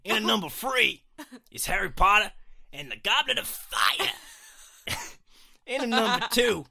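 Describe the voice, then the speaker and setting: A man putting on a brash New York guy with a put-on New York accent, counting down a ranking in a loud, laughing, over-the-top manner. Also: high voice, big pitch swings, measured pace, vocal fry, voice pushed up, exaggerated voice. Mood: hammy.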